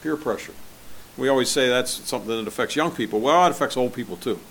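A man's voice: medium pitch, fast talker, fairly bright tone, a little hiss or hum. Conversational male pastor preaching. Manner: conversational, asks the congregation questions. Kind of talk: sermon.

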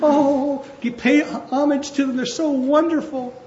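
A man's voice: very high-pitched, steady tone, unhurried, darkish tone, roomy sound, muffled recording, slight background noise, voice pushed up. A man mimicking fawning churchgoers who gush over their titled leaders. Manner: gushing, mocking adoration.

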